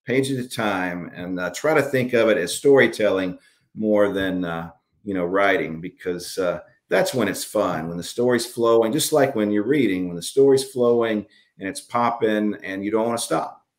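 A man's voice: on the low side, normal speed. A man from Alabama with a Southern accent, an author answering interview questions over a video call in a rambling, filler-filled way. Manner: rambling, many fillers and restarts. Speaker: author guest.

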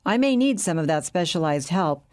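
A woman reading a jowly, sweating banker who complains anxiously about investigators. Her tone stays low and plain. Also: animated, normal speed, a little mellow, close to an everyday voice.

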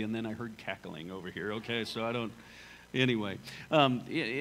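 A man's voice: mid-range voice, normal speed, fairly bright tone, a little hiss or hum, rough recording. A male pastor preaching a sermon in a church sanctuary, talking in a conversational, storytelling way and repeating phrases for emphasis.

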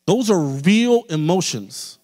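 A man in the pastor's role preaching a sermon with an American accent, building to forceful emphasis and asking repeated rhetorical questions. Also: sits high, animated, slow. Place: church sanctuary. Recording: long hall reverb.

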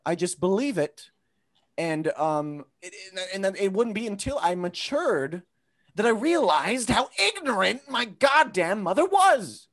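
Young man, stand-up, gravelly, lively pitch, shouty mock-epic. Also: a little slow. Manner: theatrical, mock-grandiose, bursts into shouting. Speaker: stand-up comedian. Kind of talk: stand-up comedy set.

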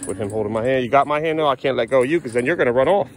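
A man's voice: mid-range voice, very fast, a crowd in the background. A father filming a vlog at a playground, sternly scolding his kids and muttering exasperated asides to the camera on a handheld phone. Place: outdoor playground.

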